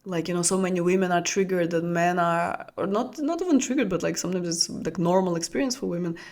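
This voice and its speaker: Soft-spoken woman with a Russian mother tongue. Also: on the low side, fast. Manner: soft, flowing, searching, many restarts and repeated words. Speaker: spiritual coach for women. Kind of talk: intimate teaching talk to an audience.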